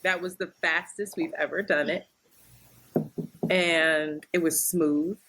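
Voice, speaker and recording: A woman's voice: sits low, fairly even intonation, slow pace, a bit bright. A woman co-hosting a casual podcast, telling a story with lots of laughter and acted-out quotes. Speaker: podcast co-host.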